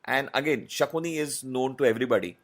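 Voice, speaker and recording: A man explains his craft in an interview, unhurried and thoughtful, stopping often to find his words. His voice sits at an ordinary middle pitch. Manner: measured, explanatory, many pauses and fillers. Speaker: voice artist guest. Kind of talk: interview answers.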